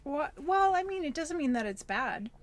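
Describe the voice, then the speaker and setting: A woman with a somewhat high voice co-hosts a casual podcast. She mostly chimes in with short agreeing replies and the odd brief opinion. Her voice is recorded close and dry. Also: sing-song, moderate pace, no echo. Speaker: podcast co-host. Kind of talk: casual chat.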